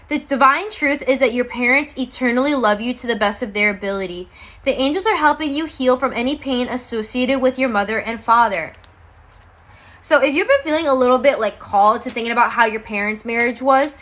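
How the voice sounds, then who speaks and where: Chatty young woman, bright voice. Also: on the high side. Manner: casual, chatty, calls viewers babe. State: tired, yawning. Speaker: tarot reader. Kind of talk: live-stream tarot reading.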